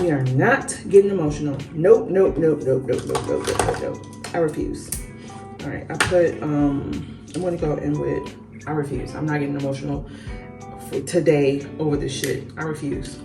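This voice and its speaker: A young woman vlogging a story while doing her makeup, animated and swearing freely, calling her viewers y'all. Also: deep voice, moderate pace, recorded from a distance. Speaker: beauty vlogger. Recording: roomy echo, voice a bit off-mic, faint music behind.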